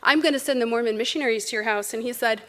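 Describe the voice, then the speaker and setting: A woman in her thirties shares funny personal stories at a memorial. Her voice sits a little high and she talks casually, with laughter breaking in between anecdotes. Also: rapid-fire, fairly bright tone. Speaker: eulogy speaker.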